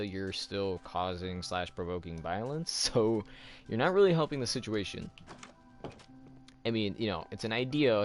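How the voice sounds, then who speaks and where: A man hosting a let's play, chatting casually and rambling loosely as he tells a long story. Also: fairly low pitch. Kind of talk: casual chat while gaming.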